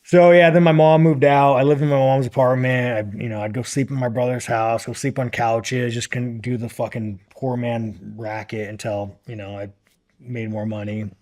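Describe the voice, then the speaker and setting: A man's voice: mid-range voice, steady tone, moderate pace, darkish tone. A man in his thirties, a podcast guest talking bluntly and profanely in a rambling, filler-filled way. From United States. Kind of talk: casual long-form interview talk.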